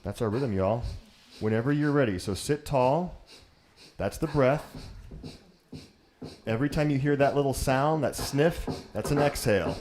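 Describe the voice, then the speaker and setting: A man's voice: medium pitch, moderate pace, long pauses, a little mellow, slight background noise. A man teaching yoga, guiding a breathwork class in an easygoing, joking and encouraging way.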